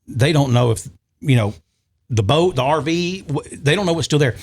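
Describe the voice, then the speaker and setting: A man's voice: fairly high pitch, expressive, normal speed. A man telling an emotional story in a casual podcast chat, with frequent restarts. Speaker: podcast guest.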